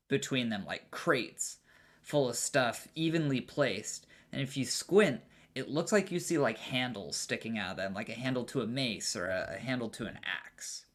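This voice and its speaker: A man's voice: mid-range voice, animated, a little slow, a bit bright. A man narrating as game master of a tabletop game, casual and profane, with many fillers and restarts.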